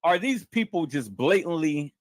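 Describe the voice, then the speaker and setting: A man's voice: fairly high pitch, big pitch swings, moderate pace, dry recording. A man hosting a live stream, reading a report aloud in a dramatic way, stammering and repeating words as he calls out to his viewers.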